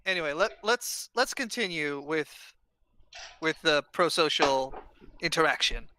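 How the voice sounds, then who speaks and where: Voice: mid-range voice, lively intonation, a little slow, pushed and bright. A host in a casual online discussion over a video call, arguing points and restarting phrases while thinking them through.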